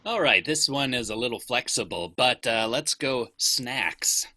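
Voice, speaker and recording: A man's voice: mid-range voice, lively intonation, unhurried, bright, forceful tone. A man offering suggestions to an improv show, eager and casual. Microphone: video call.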